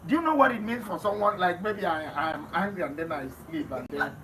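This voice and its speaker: A man with a Nigerian accent, talking emphatically in a casual interview, often laughing and swinging between loud outbursts and hushed remarks. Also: high voice, a little fast. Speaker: interview guest. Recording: distant mic with noisy background.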